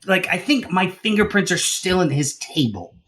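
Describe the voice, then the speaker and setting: A man from the Deep South telling a story on a podcast, rambling with many fillers and restarts. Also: very animated, moderate pace, a bit bright. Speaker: podcast co-host. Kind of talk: casual storytelling.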